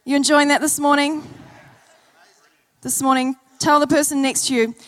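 High-voiced woman preaching a sermon. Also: steady tone, normal speed, a bit bright. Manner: earnest, storytelling, repeats key phrases. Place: church service.

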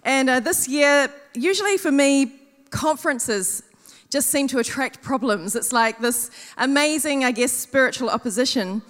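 A woman's voice: high voice, moderate pace, long reverb tail. A woman giving a sermon at a conference, telling funny everyday stories and acting out what people said. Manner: animated, self-mocking storytelling with acted-out quotes. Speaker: conference speaker. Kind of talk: storytelling sermon.

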